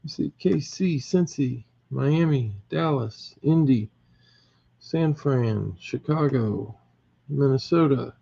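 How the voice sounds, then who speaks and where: A man's voice: medium pitch, takes it slowly, vocal fry, mellow, husky. A man hosting a casual live draw, counting aloud and reading off names and teams, chuckling at his own slips. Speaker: host running a team draw. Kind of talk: casual live group break. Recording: muffled lo-fi audio with faint noise.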